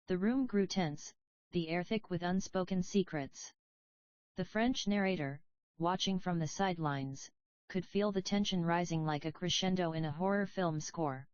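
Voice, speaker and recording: A woman reading fan fiction aloud in steady scripted narration, on a dull, dry lo-fi recording. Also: fairly low pitch, moderate pace, no room sound. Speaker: reader.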